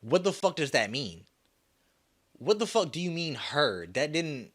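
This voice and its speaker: A man's voice: fairly high pitch, big pitch swings, unhurried, fairly bright tone. A young man hosting a solo podcast, ranting with lots of swearing and putting on mocking voices for the people he quotes. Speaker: podcast host.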